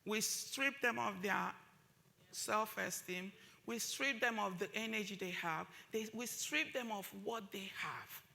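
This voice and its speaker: This summit speaker has a gravelly, pushed and bright mid-range voice and an unhurried delivery. She speaks with passion and emphasis, hammering points home through repeated phrases.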